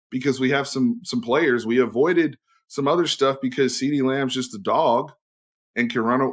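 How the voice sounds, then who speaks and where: A young adult man giving opinionated, blunt commentary as a sports host. He swears freely and swings between loud outbursts and low, emphatic asides.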